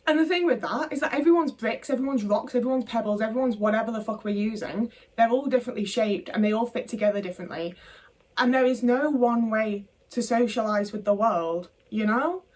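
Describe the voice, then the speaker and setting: A woman's voice: a little high, a little fast, a little mellow, far from the mic. A young woman talking to camera in a candid, frustrated monologue, swearing freely. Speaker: vlogger.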